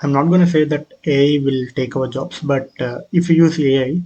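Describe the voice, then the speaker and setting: Hesitant man with a flat delivery. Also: mid-range voice, dull audio. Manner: hesitant, halting, with frequent fillers and restarts. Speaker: presenter of his own app prototype. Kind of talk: casual screen walkthrough.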